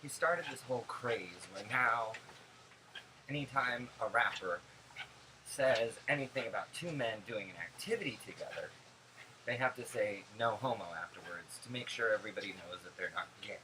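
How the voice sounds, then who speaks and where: A young man telling stories in a casual vlog, animated, gossipy and sarcastic. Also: lowish voice, normal speed, background noise. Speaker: vlogger.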